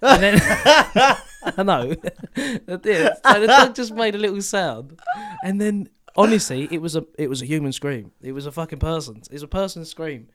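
A man's voice: high voice, moderate pace, fairly bright tone. A man, co-hosting a podcast and telling a sweary story in casual chat. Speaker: podcast co-host.

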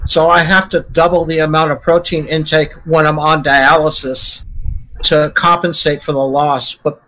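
A man's voice: on the high side, level tone, normal speed, bright, forceful tone, rough recording. A man from New York, a guest chatting casually about living with kidney disease. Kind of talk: casual chat.

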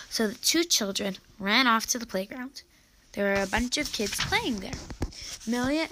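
A woman reading a children's storybook aloud with an animated, expressive delivery. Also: mid-range voice, a little hiss or hum, rough recording.

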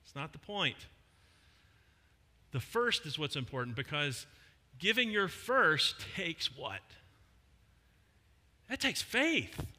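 A middle-aged male pastor preaching a sermon in a conversational way, with emphatic pauses on key words. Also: fairly high pitch, sing-song, pushed and bright. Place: church hall. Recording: long hall reverb.

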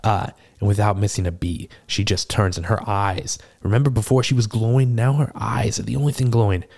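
A man playing a seasoned male tortle cleric, telling a rambling, animated, self-deprecating tavern tale in a tabletop game. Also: lowish voice, a little fast, vocal fry. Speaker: player. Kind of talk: in-character tavern storytelling.

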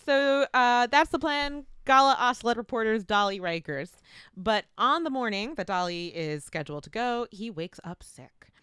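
A woman's voice: on the high side, animated, normal speed, fairly bright tone, smooth, no room sound, clean studio sound. A woman co-hosting a podcast, telling a history story in casual chat and reading out article passages, laughing easily. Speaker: podcast co-host.

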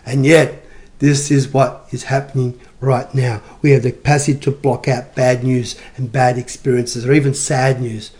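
A man preaching a sermon in an animated, emphatic way, often repeating his phrases for stress. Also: medium pitch, normal speed.

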